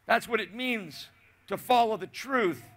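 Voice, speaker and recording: Middle-aged man, pastor, high bright voice, storytelling sermon with repeated lines. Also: a little slow. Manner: storytelling with asides and repetition, swinging from loud to hushed.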